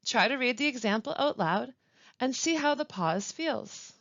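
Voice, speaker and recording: A woman who works as a language support specialist, presenting a pronunciation webinar with clear, deliberate teaching and careful pauses. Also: on the high side, lively intonation, fairly bright tone, no room sound. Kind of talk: instructional webinar narration. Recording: dull, lo-fi dry voice-over.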